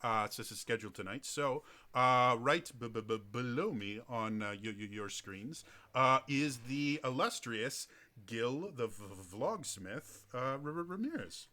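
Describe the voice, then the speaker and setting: A man's voice: medium pitch, expressive, a little slow, bright, forceful tone. Stuttering man hosting a podcast. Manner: heavy stutter on word starts. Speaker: podcast host. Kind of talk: casual podcast chat.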